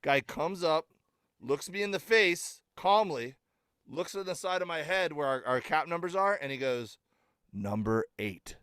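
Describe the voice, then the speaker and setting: A man's voice: fairly high pitch, moderate pace, clear, resonant tone, no echo. A middle-aged man, a comedian guest, telling stories in casual podcast chat, full of fillers and acted-out quotes. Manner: animated storyteller, filler-heavy, acts out quotes.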